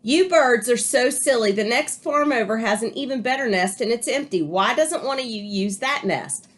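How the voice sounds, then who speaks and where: A woman's voice: fairly high pitch, lively intonation, normal speed, voice pushed up, close to an everyday voice. A woman voicing a scheming, fed-up tomcat in a read-aloud picture book. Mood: coaxing. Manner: shouting, then coaxing.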